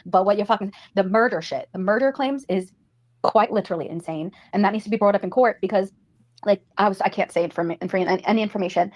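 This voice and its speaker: A woman's voice: medium pitch, fast. A woman ranting defensively on a livestream, rambling and swearing heavily. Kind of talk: livestream rant.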